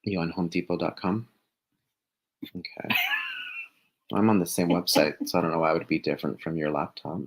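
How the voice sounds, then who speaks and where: A man with a very low, gravelly voice co-hosts a relaxed live stream. His pitch swings widely as he chats. He keeps telling his partner what to do next and laughs easily. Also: normal speed, pauses often, rough recording. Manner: directs the other host step by step, laughs easily. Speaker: co-host. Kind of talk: casual live-stream chat.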